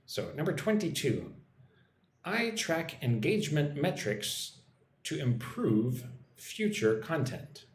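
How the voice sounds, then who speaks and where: A man from the United States teaching English on a live stream, explaining words slowly and checking in with "right?" after each point. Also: a little high, sing-song, reverberant.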